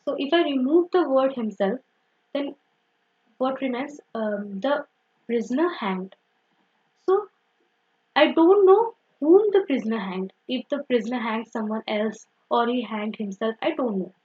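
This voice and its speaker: A woman's voice: fairly high pitch, expressive, measured pace, darkish tone, husky, dull audio. A woman teaching an online grammar lesson, explaining step by step and often saying "simple" and "okay".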